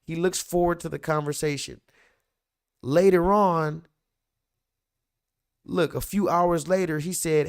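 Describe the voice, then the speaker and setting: A man hosting a livestream, telling a story in animated, profane rants to his viewers. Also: on the high side, measured pace, creaky, pauses often, clear, resonant tone. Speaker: livestream host. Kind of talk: casual livestream commentary.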